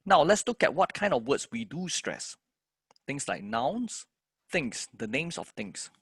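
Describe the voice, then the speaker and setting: A man's voice: mid-range voice, sharp tone, no echo. A man teaching a music composition lesson, explaining step by step and chanting the words of a poem in rhythm.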